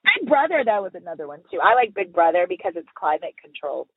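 A woman chatting as an interview guest, an animated storyteller who laughs often, heard over remote call audio. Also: fairly low pitch, fast talker, phone-quality sound, background noise. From Houston, Texas. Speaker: podcast guest. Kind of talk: casual interview chat.

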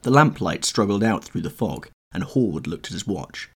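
A male audiobook narrator reading a classic novel in a low, husky voice. He stays measured and unhurried, though his pitch still moves in lively curves.

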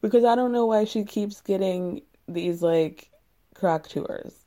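A woman's voice: mid-range voice, unhurried, warm tone, dry recording, clean studio sound. A young woman recapping a reality show in casual, sarcastic chat, blunt and swearing freely.

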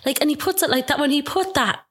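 A woman hosting the conversation and asking gentle, probing questions. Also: high-pitched, fast talker. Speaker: host. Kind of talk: casual interview chat.

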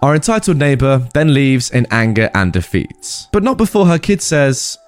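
A man reads stories and chats about them in a lively, animated voice. He sounds incredulous in his commentary, and soft music plays underneath. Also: mid-range voice, moderate pace, few pauses. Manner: chatty, incredulous. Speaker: story narrator.

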